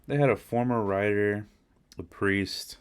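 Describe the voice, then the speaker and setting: A man's voice: lowish voice, a little slow, clean tone. A man hosting a podcast, giving a casual, slangy, rambling reaction to a video. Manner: laid-back, rambling, slangy.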